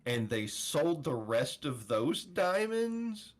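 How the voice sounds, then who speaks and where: A man's voice: fairly high pitch, sing-song, slow pace. A man co-hosting a casual film podcast who is laid-back and agreeable, chiming in often. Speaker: podcast co-host. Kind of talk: casual film review chat.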